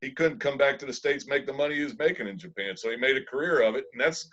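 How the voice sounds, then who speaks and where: A man who works with a baseball club, explaining scouting in a relaxed, filler-heavy way. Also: mid-range voice, fast talker. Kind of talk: casual interview talk. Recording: dull lo-fi sound.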